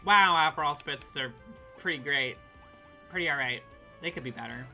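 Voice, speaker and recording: A woman streaming a game, chatting casually and excitedly with her chat and swearing now and then. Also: low voice, moderate pace, faint music behind. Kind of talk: casual live-stream chat while gaming.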